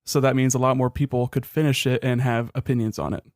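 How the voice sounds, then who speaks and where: A man's voice: mid-range voice, little pitch movement, quick pace, a little mellow, no echo. A young man co-hosting a casual podcast, thoughtful and wry with dry jokes. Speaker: podcast co-host. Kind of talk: casual chat.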